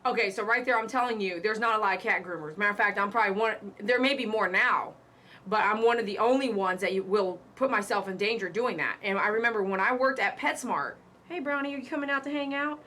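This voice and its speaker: Bright-voiced woman hosting a live stream. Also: medium pitch, quick pace. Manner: emphatic, repeats warnings, chatty asides. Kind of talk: casual live-stream commentary.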